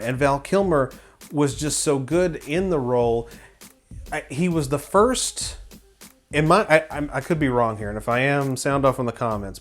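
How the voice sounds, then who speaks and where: A man hosting a film review show, talking in a casual, rambling, opinionated way with many restarts. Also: medium pitch. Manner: enthusiastic, opinionated.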